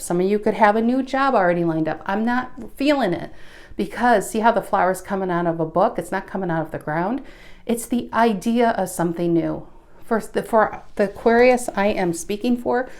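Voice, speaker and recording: Woman doing a tarot reading, chatty, bit breathless, mid-pitched voice. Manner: chatty, restarts often, animated bursts. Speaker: tarot reader.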